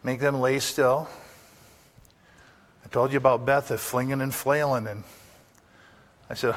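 A man's voice: mid-range voice, steady tone, a little slow, long pauses. Older man preaching a folksy sermon. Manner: folksy, anecdotal, rhetorical questions to the congregation. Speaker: pastor.

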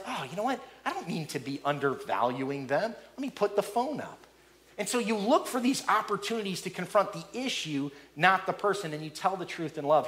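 A middle-aged man preaching a sermon as a pastor, animated, often repeating words and acting out the people he quotes. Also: high voice.

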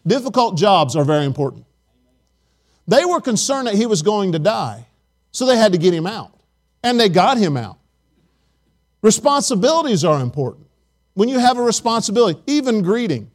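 High-voiced pastor preaching a chatty sermon. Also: male voice, big pitch swings, normal speed. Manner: chatty storytelling, asks the congregation for amens. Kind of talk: conversational sermon. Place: church sanctuary.

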